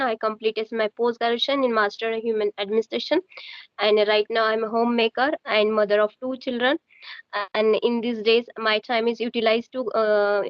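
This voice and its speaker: A woman's voice: a little high, dry recording, dull audio. Hesitant woman from Maharashtra. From Maharashtra, India. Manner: hesitant, halting, many fillers. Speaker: learner, homemaker. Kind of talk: casual conversation practice.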